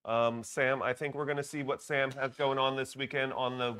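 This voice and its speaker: Brief: mid-pitched man, curious, question-asking morning co-host. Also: flat delivery, brisk, a bit bright, clear, resonant tone. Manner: inquisitive, prompting with short backchannels. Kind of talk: casual morning show chat.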